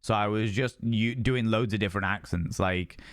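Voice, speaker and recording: Chatty guy streaming games, lowish voice, dry close sound. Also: moderate pace, clean tone, no room sound. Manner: rambling and chatty, repeating phrases. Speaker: game streamer. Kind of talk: casual live-stream chat with viewers.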